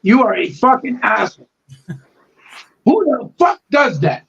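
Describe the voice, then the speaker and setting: A man's voice: extremely high pitch, big pitch swings, takes it slowly, creaky, fairly bright tone, muffled recording. A man co-hosting a podcast, ranting heatedly with a lot of profanity in casual talk. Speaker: podcast co-host.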